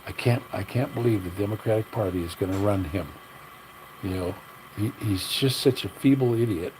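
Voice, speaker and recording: Older male livestream host, low voice, blunt rambling rant, faint engine hum behind. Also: moderate pace.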